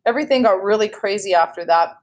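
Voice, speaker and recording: A read-aloud host reads a children's novel in a steady storytelling voice, occasionally correcting herself. Her voice is mid-range and she reads fast.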